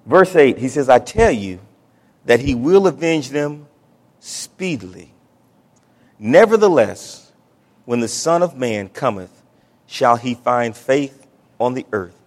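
A male pastor preaching a sermon, with dramatic swings from hushed, drawn-out lines to loud exclamations. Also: mid-range voice, sing-song.

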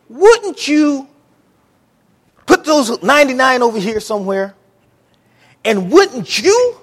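A man preaching a sermon in a lively, folksy way, acting out the words he quotes. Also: extremely high pitch, long reverb tail. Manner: animated preaching, Southern folksy speech, acts out quotes. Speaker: pastor.

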